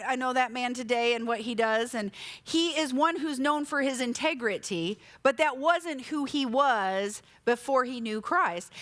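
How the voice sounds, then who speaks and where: A high-pitched, middle-aged woman delivers a church sermon in a chatty, storytelling way. She keeps asking the congregation questions, and her voice sounds close and dry, with no room echo. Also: fairly bright tone. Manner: conversational, with rhetorical questions and personal stories. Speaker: pastor. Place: church sanctuary.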